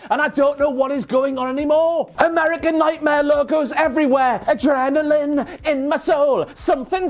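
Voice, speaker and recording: A man hosting a comedic wrestling recap, with cheeky, sweary, mock-outraged banter. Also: very high-pitched. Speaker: wrestling show recap host.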